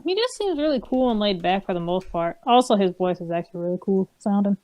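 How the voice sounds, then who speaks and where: A woman co-hosting a casual live-stream chat, talking in a relaxed, candid, offhand way. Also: mid-range voice, quick pace.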